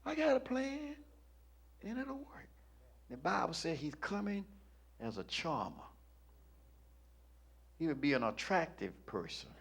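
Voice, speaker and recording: A male pastor preaching a sermon, swinging from low murmurs up to shouts. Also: very animated, a little slow, creaky, pauses often, breathy edge.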